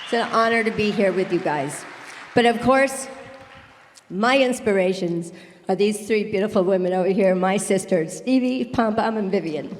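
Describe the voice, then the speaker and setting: A woman's voice: medium pitch, normal speed, big-room sound, crowd noise, noisy background. A woman giving an emotional, grateful acceptance speech at an awards ceremony in a large tent, listing many names she thanks.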